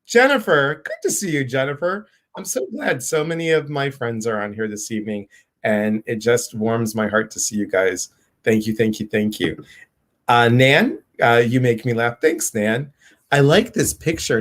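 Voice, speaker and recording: An excited, bubbly man hosting a casual live stream. He greets viewers one by one with lively enthusiasm. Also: mid-range voice, moderate pace.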